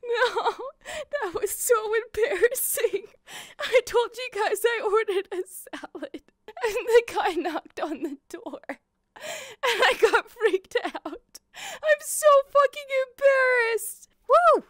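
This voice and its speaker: Jumpy high-voiced woman streamer, swearing. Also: expressive, slow pace, fairly bright tone, no room sound, clean studio sound. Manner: jumpy, yelping and swearing at scares. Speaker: VTuber streamer. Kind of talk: horror game livestream commentary. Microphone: headset in VR.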